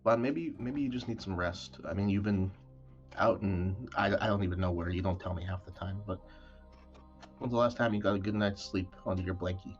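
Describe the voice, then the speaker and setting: A man's voice: deep voice, brisk, faint music behind, close to an everyday voice. A man voicing a doting, worried middle-aged mother who fusses and stammers. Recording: dull lo-fi mic.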